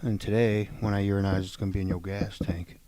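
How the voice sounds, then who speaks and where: A man's voice: fairly low pitch, little pitch movement, quick pace, warm tone. A man co-hosting a podcast, trading jokes and crude banter in casual chat. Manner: joking, profane banter. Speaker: podcast co-host.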